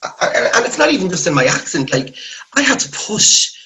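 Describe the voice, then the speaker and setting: Bright-voiced Irish man, frank and expressive. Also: high voice, a little fast, poor audio. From Ireland. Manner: frank, expressive, swears freely. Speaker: actor and writer guest. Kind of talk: casual interview chat.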